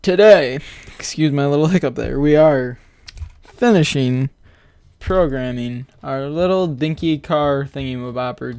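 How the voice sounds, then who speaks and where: A man's voice: on the high side, measured pace, darkish tone, clean tone. A man records a laid-back game scripting tutorial, joking around as he talks through his code piece by piece. He sounds a little out of breath, and keys clack under his voice. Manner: goofy, rambling, narrates code aloud while typing. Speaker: Roblox scripting tutorial host. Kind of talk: casual screen-recorded coding tutorial. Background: keyboard typing.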